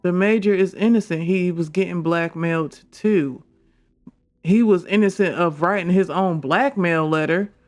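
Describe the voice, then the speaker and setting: A gamer giving casual, animated commentary over a detective game playthrough, often exclaiming and laughing. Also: medium pitch, moderate pace. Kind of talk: casual let's-play commentary. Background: game music.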